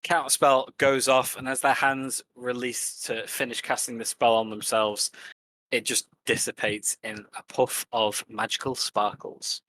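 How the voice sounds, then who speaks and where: A man running a tabletop game as game master, narrating the action in measured detail. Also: medium pitch, flat delivery, sharp tone, a little hiss or hum, low-quality recording.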